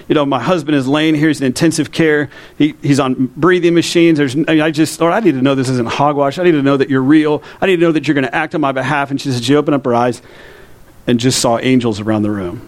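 A man preaching a sermon to his congregation in a church, in a conversational way, often asking the listeners questions. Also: mid-range voice. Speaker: pastor.

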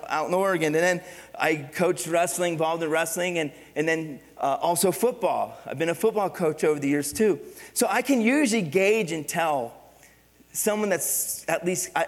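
A middle-aged male pastor preaching a sermon, animated and conversational, with rhetorical questions and storytelling. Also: on the high side. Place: church sanctuary. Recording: long reverb of a church hall.

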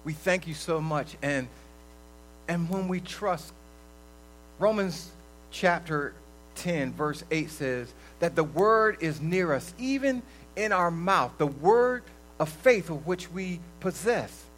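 A man preaching a conversational sermon to a room and an online audience, swinging between loud bursts and soft drops. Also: fairly high pitch, expressive, takes it slowly, a little hiss or hum, low-quality recording. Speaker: lay preacher. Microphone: livestream recording.

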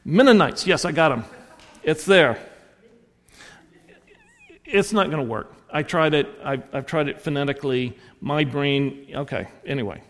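A man's voice: on the high side, unhurried, pauses often, a bit bright. A man with a Southern American accent preaching a sermon, telling stories and correcting himself as he goes. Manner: rambling storyteller, self-correcting with restarts. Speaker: pastor. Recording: long hall reverb.

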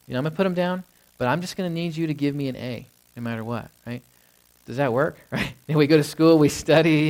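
A man preaching a sermon in a conversational way, often asking "right?" and acting out what people say. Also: mid-range voice. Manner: acts out quoted people in a lifted voice. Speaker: pastor.

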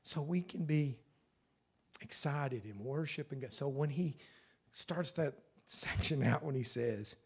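A man's voice: medium pitch, unhurried, slightly rough. A male pastor preaching a sermon and leading prayer, earnest, with a repetitive preaching cadence.

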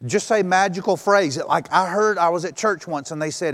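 A man's voice: sits high, moderate pace, a bit bright. A middle-aged male pastor preaching a sermon in a conversational way, acting out quoted voices in passing.

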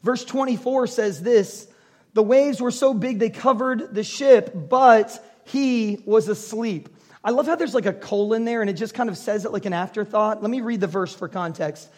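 This is an animated preacher who tells his story with acted-out voices and quick laughs. His voice sits high for a man. He delivers a sermon full of energy. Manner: animated storyteller, acts out dialogue, laughs often. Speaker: pastor.

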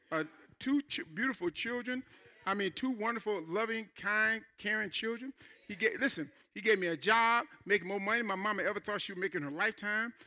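A man preaches a sermon from the pulpit, his high voice cutting through with a very bright, forceful edge. He speaks in an animated, conversational way, checking in with the congregation and sinking to a hush for asides. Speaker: pastor. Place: church.

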